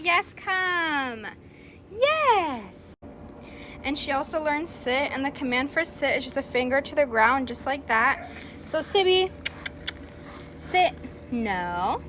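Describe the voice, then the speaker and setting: A woman dog trainer giving friendly, explanatory tips to a puppy's new owners, with fillers and easy restarts. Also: noisy background. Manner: switches to a high, sing-song praise voice with the puppy. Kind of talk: instructional video for a puppy's owners.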